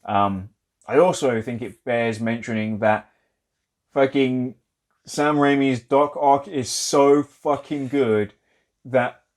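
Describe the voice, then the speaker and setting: A young man co-hosting a casual film podcast, talking loosely and excitedly with lots of "like", swearing and laughing. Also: mid-range voice, slow pace. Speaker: podcast co-host.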